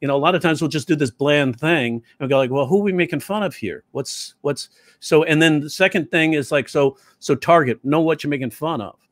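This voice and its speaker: A man who teaches comedy telling stories in an interview, animated and slipping into quoted voices. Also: fairly high pitch, a little fast, no echo. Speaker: comedy teacher and stand-up comic. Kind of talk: storytelling interview talk.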